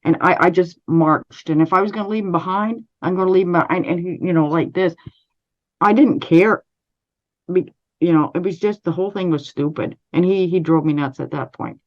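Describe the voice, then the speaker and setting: A Canadian woman, an interview guest, recounting a personal story in a measured, steady way with frequent restarts. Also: fairly low pitch, dull audio.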